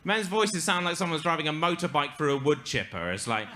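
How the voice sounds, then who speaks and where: A young English man doing stand-up storytelling with a nasal, deadpan, self-deprecating delivery. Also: on the high side, fairly quick, very noisy. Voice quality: nasal and monotone. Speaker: stand-up comedian. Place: live storytelling stage with audience.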